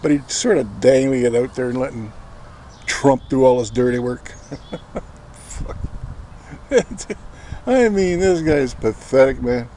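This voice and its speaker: A man's voice: mid-range voice, expressive, slow, pauses often, warm tone, slight background noise. A man, ranting sarcastically in rambling political commentary with lots of swearing. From Canada. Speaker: vlogger.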